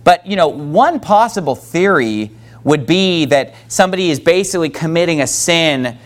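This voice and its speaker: A man's voice: a little high, animated, normal speed. A man preaching a sermon as pastor, quoting scripture and asking the congregation questions. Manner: preaching with call-and-response from the congregation.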